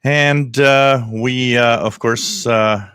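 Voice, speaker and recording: A man's voice: medium pitch, steady tone, extremely slow, fairly bright tone, clean tone, no room sound, studio quality. A middle-aged French Canadian man, French his first language, hosting a live radio hobby stream in casual, rambling chat with many fillers. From Quebec, Canada. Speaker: host.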